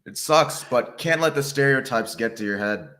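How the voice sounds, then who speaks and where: A man hosting a casual chat, talking in a calm, encouraging and agreeable way. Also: medium pitch, normal speed. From South Asian. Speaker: host.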